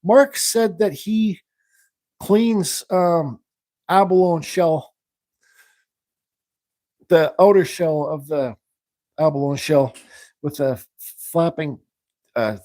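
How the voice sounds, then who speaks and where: Mellow-voiced man chatting while he carves. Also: fairly high pitch, slow, pauses often, no room sound. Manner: rambling, thinks aloud while working; reads viewer questions aloud. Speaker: woodcarving livestream host. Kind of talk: casual live demonstration chat.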